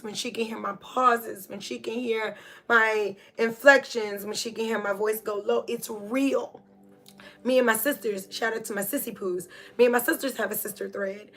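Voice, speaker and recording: A woman's voice: on the high side, a bit bright. A middle-aged woman hosting a podcast, talking through ideas in a reflective, conversational way with many fillers and restarts. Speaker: podcast host. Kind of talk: casual spiritual monologue.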